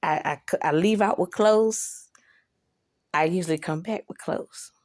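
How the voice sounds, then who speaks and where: A woman's voice: fairly low pitch, measured pace, darkish tone. A woman telling a story to the camera in a casual, rambling way, swearing a lot and asking "you know?". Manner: profane, rambling, asks listener "you know?".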